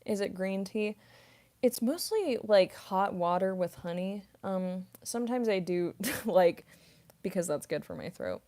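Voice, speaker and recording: Slow, soft-spoken woman in her twenties. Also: mid-range voice, lively intonation. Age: mid-twenties. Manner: soft-spoken, rambling with many fillers and giggles. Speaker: voice actress streamer. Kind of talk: casual livestream chat reading comments.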